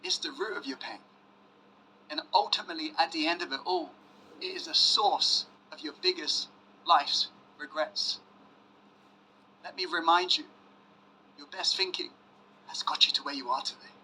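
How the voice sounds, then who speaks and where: A man giving a motivational self-help masterclass, pressing the audience with questions and dropping to hushed emphasis. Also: a little high, expressive, normal speed, pauses often, a little hiss or hum, low-quality recording. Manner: emphatic, asks audience to say yes, swings loud and hushed. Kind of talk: motivational webinar talk.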